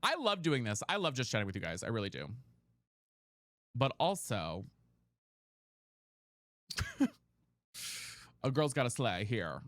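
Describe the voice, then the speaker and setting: A man hosting a livestream, chatting casually and playfully with viewers while sleepy, on a boom mic at his home setup. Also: very animated, unhurried, pauses often, a bit bright, dry recording, studio quality. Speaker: livestream host. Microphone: boom mic on a mic arm.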